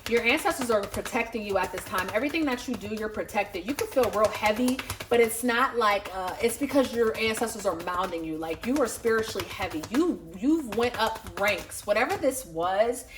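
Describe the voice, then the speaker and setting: Excitable woman doing a tarot reading. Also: a little high, moderate pace, hardly any pauses, noisy background. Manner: excitable, profane, talks straight to viewers; swears freely, laughs often. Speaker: tarot reader.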